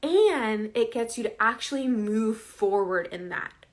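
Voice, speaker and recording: A woman's voice: fairly high pitch, expressive, unhurried. A woman coaching viewers in a casual, earnest, conversational way, often checking in with "right?". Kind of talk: casual direct-to-camera advice.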